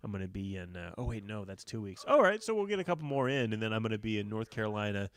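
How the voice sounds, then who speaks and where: A man's voice: on the low side, very animated, fast talker, a bit bright, no room sound. A man who does stand-up comedy, co-hosting a casual podcast chat, rambling through stories with lots of fillers and swearing. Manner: rambling storyteller, heavy fillers, profane.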